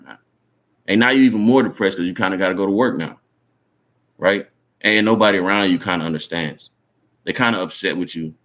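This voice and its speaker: A man with a very low voice, teaching scripture in a loose, everyday way. He sounds earnest and encouraging and keeps checking in with his listeners. His phrases are filled with casual tags as he talks the message through. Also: a bit bright. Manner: conversational, repeats "man" and "right?" as tags. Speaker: Bible teacher. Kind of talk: informal sermon teaching.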